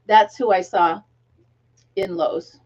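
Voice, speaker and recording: A middle-aged woman with a medium-pitched, slightly mellow voice speaks slowly and fairly evenly while hosting a casual crochet livestream. She chats, laughs often, counts stitches aloud, and has a tickle in her throat. The audio is dull.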